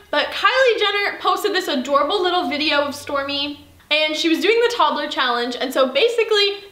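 A woman's voice: high voice, bright, forceful tone, echoey room. Earnest young woman giving a youth talk. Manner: earnest, chatty, addresses listeners directly. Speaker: youth leader.

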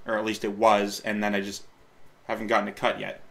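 A man's voice: lowish voice, monotone, brisk, gravelly, a bit bright. Rambling, self-correcting young man. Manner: rambling, self-correcting, laughs at himself, encouraging. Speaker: YouTuber reacting to his old video. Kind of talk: casual reaction commentary.

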